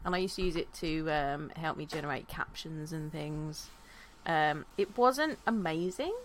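A relaxed woman co-hosting a casual podcast, speaking in an easy, unhurried way. Her voice is on the low side for a woman, with a faint hiss behind it. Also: low-quality recording. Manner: relaxed, easygoing, brief agreeing replies. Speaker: podcast co-host. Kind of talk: casual chat.

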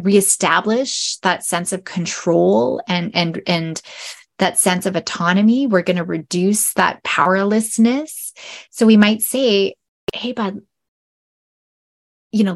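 A woman hosts a solo educational podcast, speaking earnestly and often checking in with a quick "right?". Her voice has a gravelly, fry-touched edge, and her pitch sits in an ordinary middle range. Now and then she drops to a soft whisper. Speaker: podcast host.

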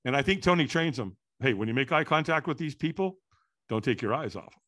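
A man telling a story in an animated way, acting out the quotes and sounds. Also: medium pitch, fairly quick. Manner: lively, acts out quotes and sounds.

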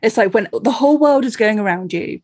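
Chatty woman podcast host, husky. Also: a little high, lively intonation, brisk, darkish tone, dry recording. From Cornwall, England. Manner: chatty, laughs often, many fillers. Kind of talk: casual conversational interview.

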